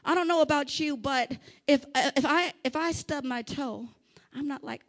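A woman preacher with a high, bright-pitched voice delivers a fervent sermon. She moves between quiet, intimate passages and loud shouted exhortations, often asking the congregation to repeat her words. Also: normal speed.

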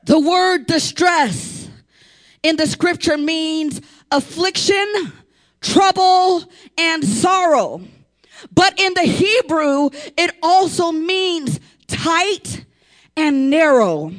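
A woman preacher delivering an impassioned sermon, rising into shouts and urging the congregation to respond. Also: very high-pitched, animated, drawn-out words.

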